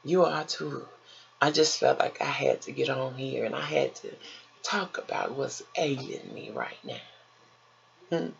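An older woman vlogging in a slow, soothing, motherly way, calling her listeners baby and honey. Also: a bass voice, big pitch swings, vocal fry. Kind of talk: encouraging vlog talk. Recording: dull lo-fi home recording with faint noise.

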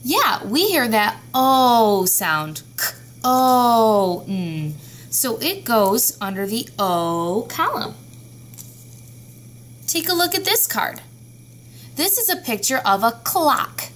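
A woman leads a phonics lesson for young children. She speaks slowly in a fairly high voice and sounds out each letter with care. A faint hum sits under the recording. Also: big pitch swings, a bit bright. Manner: slow, clear, sounding out letters. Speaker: teacher.

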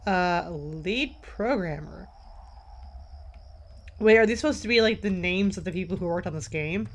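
A woman's voice: on the low side, measured pace. A woman commentating a horror game as she plays, a little tired, jumpy and swearing as she jokes to herself. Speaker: let's play gamer.

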